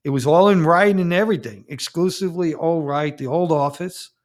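A man, a Catholic priest, giving a personal testimony in a blunt, emphatic way and getting louder and higher when heated. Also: a little fast. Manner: blunt, emphatic storyteller who acts out quoted exchanges; rises in pitch and force when heated.

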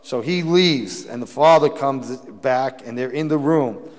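A man's voice: mid-range voice, unhurried, darkish tone. A man, a Catholic priest, preaching a sermon and telling stories with emphatic bursts and frequent restarts. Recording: long hall reverb.

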